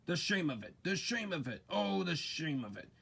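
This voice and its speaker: A man's voice: on the high side, sing-song, normal speed, creaky, bright, forceful tone, breathy edge, voice pushed up, heavily acted. A man voicing a big, proud male steam engine who boasts and grumbles. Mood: grumbling. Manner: boastful then sulky grumbling.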